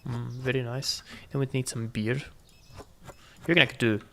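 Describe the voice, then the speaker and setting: A gaming channel host with a creaky, mid-range voice gives casual running commentary on a gaming video at a moderate pace, with fairly even intonation. He tosses joking asides to viewers, and there is a little hiss or hum.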